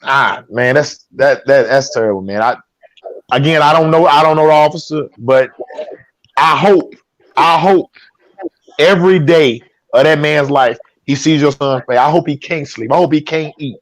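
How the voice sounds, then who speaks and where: A man's voice: a little high, normal speed, no echo. A man hosting a talk show, speaking casually and emotionally, often stumbling and repeating his words. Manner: repeats words, stammers when upset.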